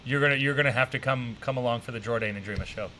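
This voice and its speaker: A man hosting a stream, reacting to clips in a rambling, profane, excitable way. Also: mid-range voice, racing, slight background noise. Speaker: streamer host. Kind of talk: casual reaction commentary.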